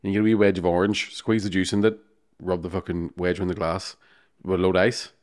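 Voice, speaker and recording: Fast-talking man, low voice. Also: level tone, a little mellow. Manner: rapid, profane, laughing anecdotes. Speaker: podcast co-host. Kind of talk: casual storytelling chat.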